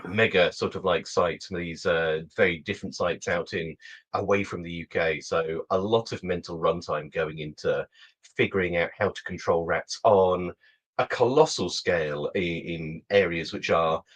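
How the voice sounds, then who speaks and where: Deep-voiced male co-host, upbeat and jokey. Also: normal speed, husky. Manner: upbeat, jokey, animated opener. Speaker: podcast co-host. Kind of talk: casual chat.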